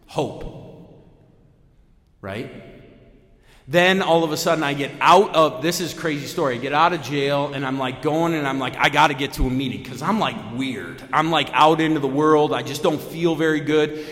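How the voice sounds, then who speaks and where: A man giving a personal recovery talk at a meeting, telling his story casually with lots of fillers and sudden jumps in pitch and loudness. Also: moderate pace. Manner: lively storytelling with big pitch swings, many fillers. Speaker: AA main speaker. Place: meeting room. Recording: echoey hall, long reverb.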